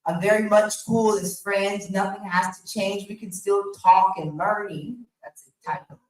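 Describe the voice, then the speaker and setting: A woman performing a raw, profane, confessional spoken-word poem live at a slam, swinging between hushed and loud lines. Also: mid-range voice, steady tone, measured pace. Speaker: slam poet. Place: indoor theater venue. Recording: echoey venue, voice from a distance.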